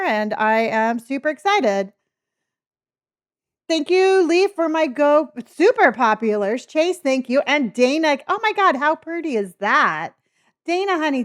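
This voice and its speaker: A middle-aged woman with a high, bright-pitched voice chats with her viewers during a live stream. She is bubbly and talkative and thanks people one after another with quick bursts of excitement.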